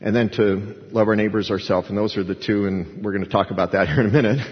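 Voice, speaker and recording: A man's voice: lowish voice, fairly even intonation, fast talker. A male pastor delivers an expository sermon in a plain, conversational voice, stopping and restarting as he leans on key words. His voice rings with the long reverb of a large hall. The recording sounds dull and lo-fi. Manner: conversational, folksy preaching with restarts and emphasis.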